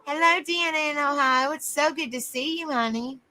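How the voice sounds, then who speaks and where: A woman's voice: sits high, normal speed, sharp tone. A woman hosting a casual livestream, greeting viewers by name and calling them honey. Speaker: livestream host.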